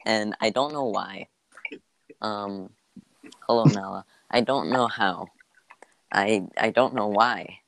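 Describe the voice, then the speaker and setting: A young man chatting casually as a podcast co-host, joking and teasing with deadpan asides. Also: fairly low pitch, slow, creaky, long pauses, a little hiss or hum, poor audio. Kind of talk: casual chat.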